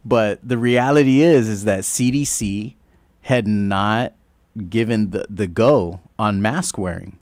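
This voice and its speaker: Low-voiced man telling a lively story. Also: slow pace, dry recording. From Guam. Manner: animated, acts out quoted exchanges, laughs often. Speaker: radio show host. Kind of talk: casual storytelling talk. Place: radio studio. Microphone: studio microphone.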